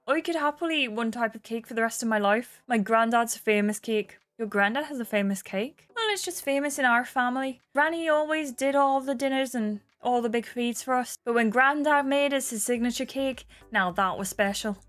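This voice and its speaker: A woman's voice: on the high side, moderate pace, few pauses, fairly bright tone, pitched above the performer's own voice, natural voice. A woman voicing a chatty young Irish woman from Cork, a cake artist, in a Cork accent, raising her voice above her own for the role. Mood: fond.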